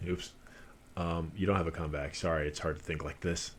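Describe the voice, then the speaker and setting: A man's voice: extremely low pitch, steady tone, brisk. A man streaming a game, reading its narration aloud with casual asides to himself.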